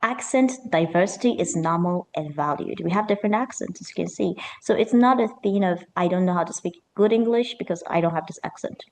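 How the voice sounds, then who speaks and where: Woman, accent coach, online pronunciation lesson, lively, slow emphatic stretches on key words. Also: fairly low pitch.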